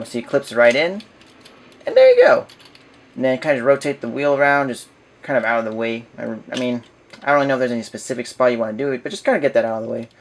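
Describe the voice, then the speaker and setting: A man's voice: medium pitch, fairly bright tone. A man giving a casual hands-on toy review, rambling and thinking aloud as he goes.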